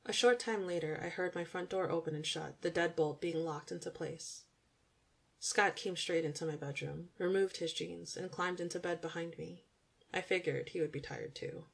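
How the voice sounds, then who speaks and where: Young female audiobook narrator, gravelly and on the low side, intimate and even. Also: normal speed.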